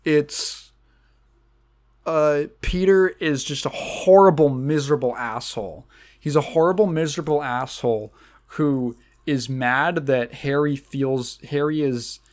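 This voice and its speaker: Rambling, sarcastic man hosting a podcast. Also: mid-range voice. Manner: rambling and sarcastic, with frequent restarts. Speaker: podcast host. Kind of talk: casual rant about a movie.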